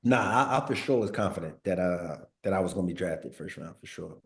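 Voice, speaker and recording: With a low, gravelly, animated voice and a brisk pace, an ex-pro football player in his thirties from Northern California relaxes into storytelling during a sit-down interview. He's laid-back and slangy, saying "like" a lot and repeating words.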